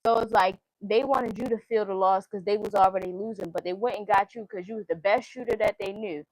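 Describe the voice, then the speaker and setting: A woman with a medium-pitched, darkish voice moves briskly through a casual tarot reading, reciting the card meanings in a chant-like rhythm. She's outspoken and swears frequently. The rough recording carries no echo.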